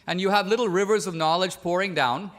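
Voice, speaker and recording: Debater, male, from India, fairly high voice, pushes his case hard on a big stage. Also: fairly quick, fairly bright tone. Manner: pressing, argumentative, quotes opponent's words back. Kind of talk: formal debate argument. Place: large auditorium stage.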